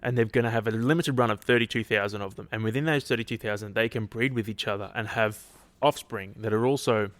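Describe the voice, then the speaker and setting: A man's voice: lowish voice, quick pace, hardly any pauses, fairly bright tone, no room sound. A man hosting a casual solo podcast, rambling, restarting sentences and swearing offhandedly, his throat a little dry. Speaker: podcast host.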